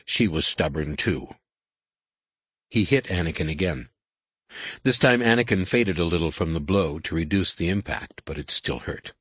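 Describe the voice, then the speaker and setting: A man narrating an audiobook in an expressive, varied way, recorded close and dry. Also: low-pitched, normal speed, husky, dry recording. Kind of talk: scripted narration.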